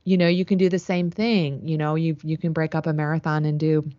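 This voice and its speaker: A woman's voice: low-pitched, level tone, brisk, dark tone, no room sound, muffled recording. A woman co-hosting a podcast in casual chat, steadily explaining coaching tips. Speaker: podcast co-host.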